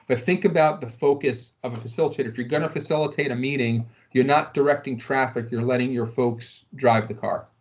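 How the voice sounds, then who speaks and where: A man's voice: medium pitch, steady tone, brisk, hardly any pauses, dull audio. A man leading an online workplace training session, talking in a loose conversational way with fillers and rhetorical questions. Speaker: corporate trainer.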